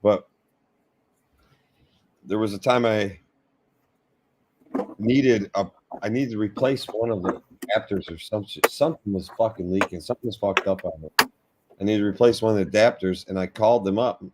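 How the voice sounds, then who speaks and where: A man's voice: lowish voice, normal speed, long pauses, noisy background. A man chatting casually with friends, cursing freely and acting out the voices of people in his stories. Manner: profane, animated, acts out voices in anecdotes. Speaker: host, shop worker. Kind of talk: casual chat, storytelling.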